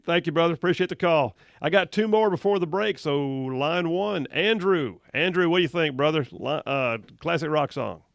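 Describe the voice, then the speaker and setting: Male talk radio host, gravelly, slightly high voice, dry close studio mic. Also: dry recording. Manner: upbeat, quick banter with callers, frequent laughs.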